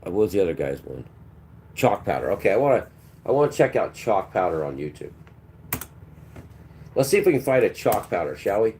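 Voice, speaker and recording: A man's voice: sits low, very animated, brisk, pauses often, mellow, slight background noise. Ranting man preaching on a livestream. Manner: preachy and combative, talks back to chat. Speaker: livestream host.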